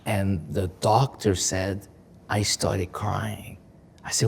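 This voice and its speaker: A man's voice: on the low side, level tone, slow, creaky, slight background noise. A man, a comedian guest on a podcast, telling stories animatedly, often repeating words and laughing. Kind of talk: emotional podcast conversation. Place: podcast studio.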